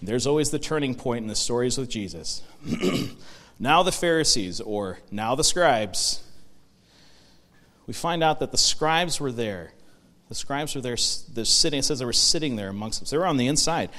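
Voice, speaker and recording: A man of middle pitch gives a sermon in a relaxed, conversational manner, posing questions to his listeners and restarting sentences as he goes. His voice carries a long reverb from a large hall. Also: moderate pace. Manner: conversational preaching, frequent restarts and rhetorical questions. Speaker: pastor.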